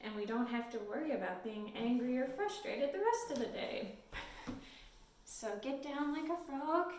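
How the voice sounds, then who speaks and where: Echoey children's librarian, sing-song. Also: female voice, high-pitched, lively intonation, normal speed, slight background noise. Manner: gentle, sing-song, encouraging. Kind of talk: storytime lesson for toddlers. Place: library room, indoors. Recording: echoey room, mic at a distance.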